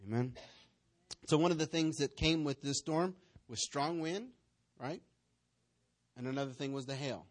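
A man's voice: fairly high pitch, normal speed, pauses often. A man preaching a sermon as pastor, telling stories, acting out the voices in them, and putting questions to the congregation. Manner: storytelling, acts out voices and scenes.

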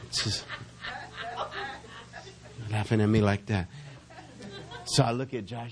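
A middle-aged man preaching a sermon as pastor, reading verses slowly and building in intensity, calling on the congregation to answer back. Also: on the low side, fairly even intonation, noisy background. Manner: calls for congregation responses.

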